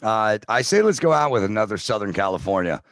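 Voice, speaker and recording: A man's voice: on the low side, very animated, quick pace, fairly bright tone, no room sound. A man, a musician guest on a podcast, talking casually and easily about his band's record.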